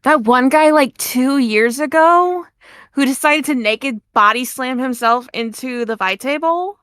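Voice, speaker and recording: A woman playing in a tabletop role-playing game, speaking quickly and playfully. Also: high voice, a bit bright, dry recording. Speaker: player.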